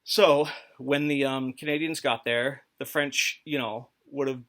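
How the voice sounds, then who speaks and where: A man's voice: mid-range voice, steady tone, normal speed, a bit bright. A man hosting a comedic history talk, rambling and mock-authoritative with crude jokes. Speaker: host.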